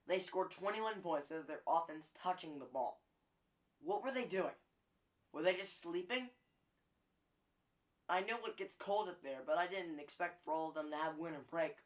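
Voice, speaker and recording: A man's voice: on the high side, normal speed, pauses often, fairly bright tone. A man hosting a sports show, handing out weekly college football awards in a chatty, joking way with frequent fillers. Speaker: sports podcast host. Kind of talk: casual sports commentary.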